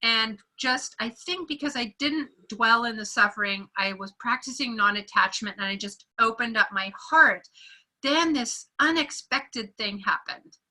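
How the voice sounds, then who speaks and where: A woman sharing a personal story in a group meeting, animated and acting out the voices of the people she quotes. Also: fairly high pitch, poor audio. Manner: animated storyteller who acts out quoted voices and laughs often. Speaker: meeting participant.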